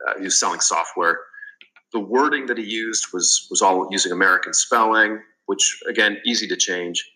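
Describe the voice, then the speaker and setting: Male podcast guest, low pitch, bright and forceful delivery, talks earnestly. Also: normal speed, poor audio. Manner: earnest storytelling with fillers and restarts. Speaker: guest, business consultant. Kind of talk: casual interview.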